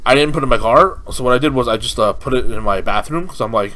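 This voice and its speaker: A man's voice: mid-range voice, fast talker, bright, forceful tone, a little hiss or hum, low-quality recording. A young man from California giving casual let's-play commentary, rambling with lots of fillers and restarts. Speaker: gaming commentator.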